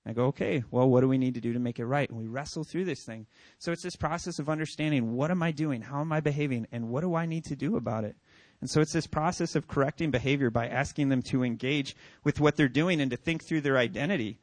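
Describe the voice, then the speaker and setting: A male pastor in his forties delivers an earnest sermon in a fairly high voice, building to loud, emphatic passages. The sound is dry and close, with no room echo. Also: quick pace.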